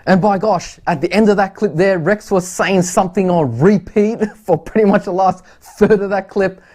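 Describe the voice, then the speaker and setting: Chatty stream presenter. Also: male voice, high-pitched, fairly even intonation, normal speed, darkish tone. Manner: chatty, laughing asides. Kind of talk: casual live stream commentary.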